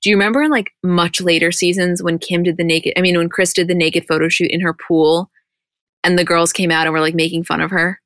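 A woman's voice: on the low side, flat delivery, brisk, fairly bright tone, no room sound. A young woman co-hosting a podcast, chatting casually and rambling with lots of filler words. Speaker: podcast co-host. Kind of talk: casual chat recapping a reality show.

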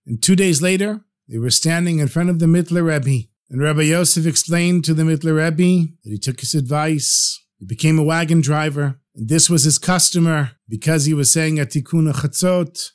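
Male storyteller, somewhat high pitch, acts out voices. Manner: expressive, acts out characters' pleas. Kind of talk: storytelling narration.

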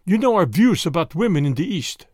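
An anxious, imperious merchant husband, as the man narrating puts him on, pressing his demands in a storybook reading. He sounds urgent and forceful, his voice pitched a little high with a swinging, lively pitch. The sound is dry and close. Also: a little fast, dry recording.

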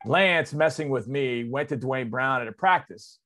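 A sports radio guy in his 40s tells a story on air, chatty and excitable, with a normal mid pitch and normal speed. His animated delivery swings widely in loudness and pitch, and he stays conversational, slipping into loose asides.

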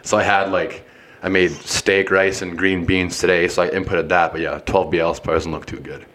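Laid-back young man with a deep voice. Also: little pitch movement, brisk, fairly bright tone. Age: young adult. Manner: laid-back, swears often, rambling with fillers. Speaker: podcast co-host. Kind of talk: casual chat among friends.

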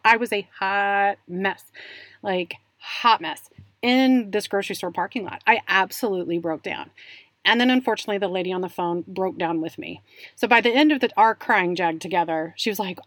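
A woman's voice: mid-range voice, a little fast, fairly bright tone, no room sound. A woman telling a candid, self-deprecating story about a hard moment as a parent, laughing at herself. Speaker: parent, conversation guest. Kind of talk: candid personal story in conversation.

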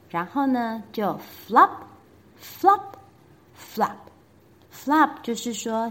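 Animated woman reading a children's story. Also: on the high side. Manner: animated, sing-song, explaining to children.

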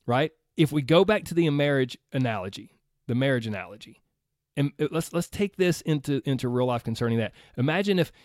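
A man's voice: medium pitch, animated, a little fast, no echo, clean studio sound. A man coaching listeners through an earnest, conversational motivational talk, repeating phrases for emphasis. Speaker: health and weight-loss coach.

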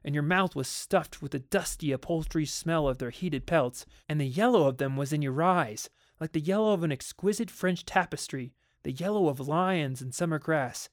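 A man's voice: on the high side, no echo. Man reading a story, dry sound. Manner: measured, vivid storytelling. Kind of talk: reading a short story aloud.

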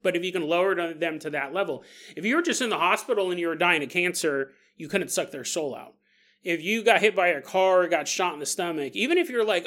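A man talks through a casual podcast monologue with a high, bright voice. He laughs often and leaps into exaggerated voices for the people he quotes. The delivery is loose and jokey. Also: expressive, a little fast. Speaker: podcast host.

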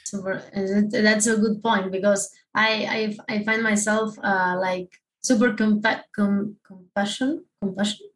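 A woman, a guest in a casual interview, speaking haltingly with many restarts as she searches for words. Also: medium pitch, steady tone, low-quality recording.

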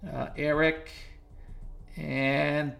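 A man's voice: a little high, little pitch movement, very slow, gravelly, a bit bright, voice pushed up, heavily acted. A man voicing a fussy, middle-aged small-town woman nurse with a New England accent. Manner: flustered, bureaucratic.

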